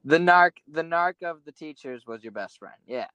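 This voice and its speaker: A man's voice: on the high side, expressive, clean tone, no echo, lo-fi sound. A man co-hosting a podcast, teasing his friend in casual chat. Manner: teasing, quick with jokes. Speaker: podcast co-host.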